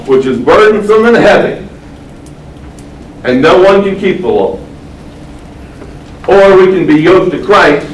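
A man preaching a sermon. He stresses key words by slowing down and asks the audience questions. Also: a little high, slight background noise. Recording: echoey room, mic at a distance.

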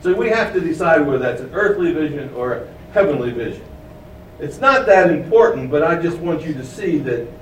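A man with a fairly high voice preaches a sermon, explaining a passage and putting questions to his listeners. The mic sits at a distance in an echoey room, and there's a little hiss or hum.

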